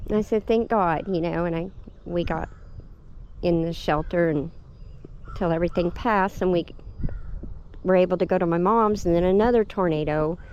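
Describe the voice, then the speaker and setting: A woman's voice: fairly low pitch, moderate pace, long pauses, a little mellow. A middle-aged woman, telling a story in a casual, chatty vlog, laughing often and getting emotional. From Oklahoma. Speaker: homestead vlogger. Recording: dull lo-fi with faint background noise.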